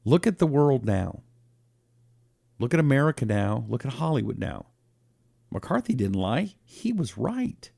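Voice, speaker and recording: A male talk show host with a gravelly, fry-heavy voice and a lively, swinging delivery. He rambles through listener comments on his own broadcast setup, in a casual and animated way. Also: mid-range voice. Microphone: own broadcast setup, fixing a failed mic on air.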